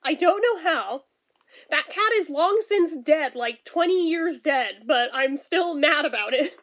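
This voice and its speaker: A woman in her thirties speaks a little slowly in an expressive, fairly bright voice that sits high. She chats casually on her home stream reading viewer comments, blunt and profane, often laughing and ranting, in dull lo-fi audio.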